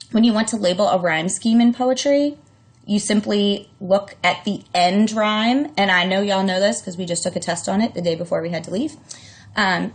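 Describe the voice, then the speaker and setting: Woman teacher talking thru a recorded class, kinda gravelly voice, lots of um and oops-i-mean. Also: mid-range voice. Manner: casual, lots of fillers and self-corrections. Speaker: English teacher. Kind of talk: recorded distance-learning lesson.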